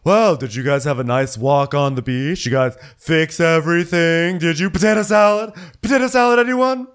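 A man's voice: a little high, moderate pace, smooth, voice pushed up, lightly acted. A man voicing a haughty, needling woman socialite with a sing-song, pointed delivery.

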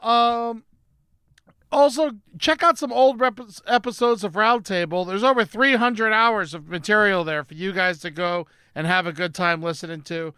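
High, bright-voiced man hosting a comedy podcast. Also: clear, resonant tone, dry recording, clean studio sound. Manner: upbeat, giggly, quick to laugh. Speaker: podcast host. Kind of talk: casual comedy podcast chat. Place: home setup during lockdown.

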